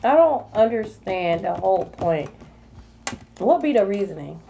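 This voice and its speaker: A woman's voice: mid-range voice, very animated, a little slow, creaky, mellow, lo-fi sound, a little hiss or hum. A woman tarot reader scolding her rivals in a sassy, profane vlog monologue. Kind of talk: confrontational spiritual vlog monologue.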